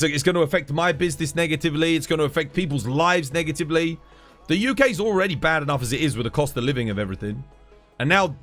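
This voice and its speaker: British male streamer, heated sweary rant, animated delivery, soft music behind. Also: a little high. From United Kingdom. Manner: heated, swears a lot, keeps saying "dude". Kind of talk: casual live-stream rant.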